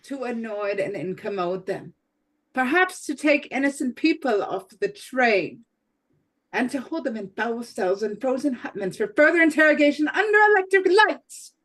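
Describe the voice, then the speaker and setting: A woman voices a theatrical middle-aged male railway director, pleading one moment and outraged the next. His pitch sits a little high and leaps upward when he scoffs. It is all read aloud at a table read. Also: animated, unhurried.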